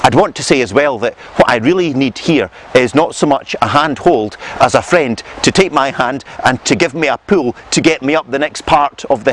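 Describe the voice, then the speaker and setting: A man teaching theological reflection to camera outdoors in a measured, earnest, gently pastoral manner. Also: mid-range voice, a little hiss or hum. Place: outdoors on a rural path and hillside.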